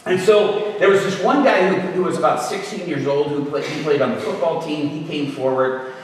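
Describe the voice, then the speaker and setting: A man's voice: a little high, moderate pace. A middle-aged man telling a humorous story as a guest speaker, acting out the voices of the people in it. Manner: animated storytelling, acts out voices. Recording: echoey hall from far off.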